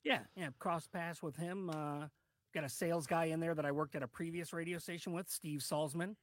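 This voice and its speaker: A man's voice: fairly high pitch, moderate pace, dry recording, studio quality. A man chatting as a radio guest, loose and rambling with lots of fillers. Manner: relaxed, rambling, with many fillers. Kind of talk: casual radio chat.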